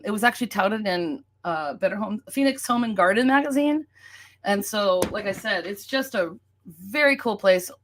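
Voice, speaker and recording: A woman, casually telling a story while showing photos, animated and chatty, laughing often. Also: medium pitch.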